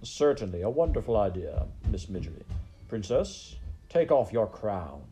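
A scheming storybook rat, as a male narrator puts him on. He speaks in an oily, flattering way with a firm, commanding edge, pushing his voice up a little. Every sweet word hides a plan. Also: lowish voice, moderate pace, soft background music.

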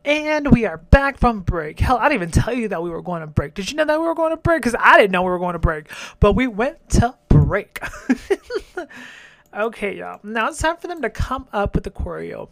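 A young woman talks her way through an episode in loose, casual reaction commentary, swearing freely and laughing at her own asides. Her voice sits at an ordinary middle pitch, and the recording is close and dry. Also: very animated, brisk, gravelly, no echo. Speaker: reaction vlogger.

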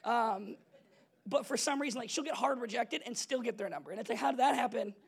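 A young adult man preaching a casual, story-driven sermon as pastor, animated and conversational, laughing often and checking in with the congregation. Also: very high-pitched, a little fast, vocal fry, breathy edge. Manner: animated, conversational, laughs often, asks "you know what I'm saying?".

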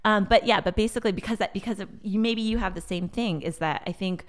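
A woman, a podcast guest, talking casually, animated, and slipping into other people's ways of speaking. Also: medium pitch, fast talker. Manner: animated storyteller, mimics voices she hears. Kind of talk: casual conversation.

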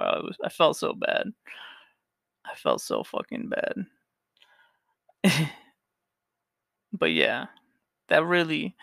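A man's voice: on the high side, vocal fry, fairly bright tone, no room sound, studio quality. A young man hosting a solo podcast who tells a story in a rambling, profane way and laughs often. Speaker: podcast host.

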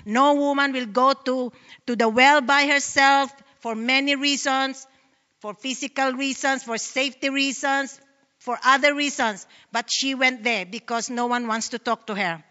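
A woman with a Filipino accent reads scripture aloud and then explains it in an earnest sermon. Her voice sits a little high. The recording is muffled and carries a long reverb tail. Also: steady tone, unhurried, bright, forceful tone. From Philippines. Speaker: Bible study speaker. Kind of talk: sermon with Bible reading.

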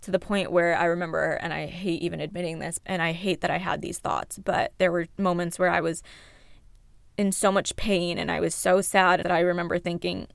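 A young woman speaks frankly and emotionally about a hard time in her life, swearing now and then. Her voice sits low with a gravelly fry. The recording is close and dry, with no room sound. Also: little pitch movement, a little fast, no echo. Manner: candid, emotional, swears freely. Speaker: accident survivor telling her story. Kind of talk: personal storytelling to camera.

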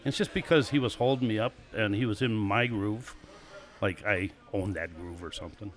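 A man's voice: lowish voice, moderate pace. A man in his sixties, a former racer, telling casual anecdotes as a guest on a live show and chuckling between stories. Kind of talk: casual storytelling interview.

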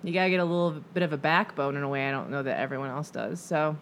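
A young adult woman co-hosting a relaxed podcast, talking in a blunt, loose way with casual swearing. Her voice sits a little low for a woman. A faint background hiss runs under the talk. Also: fast talker. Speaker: podcast co-host. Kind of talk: casual chat.

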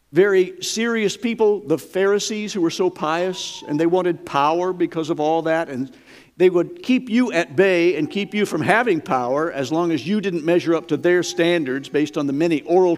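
Emphatic preaching man, fairly high voice. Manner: emphatic, folksy, with dramatic quoted lines. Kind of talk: sermon.

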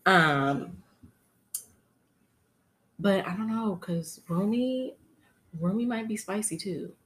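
A woman hosting a podcast, chatting in an animated, slangy, playful way. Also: mid-range voice, takes it slowly. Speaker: podcast host. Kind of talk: casual chat.

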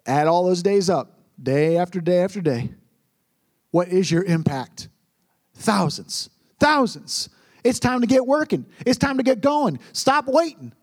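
A man's voice: high-pitched, animated, measured pace. A young man preaching as pastor, earnest and storytelling, often repeating words for emphasis. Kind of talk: sermon.

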